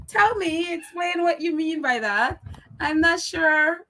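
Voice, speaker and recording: A woman with a high, bright voice hosts a casual live chat. She reads viewer comments aloud, laughs easily, and keeps stopping to correct herself and apologize. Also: expressive, slow pace. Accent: non-American accent. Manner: chatty, laughs often, apologetic and self-correcting. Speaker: live stream host reading viewer comments.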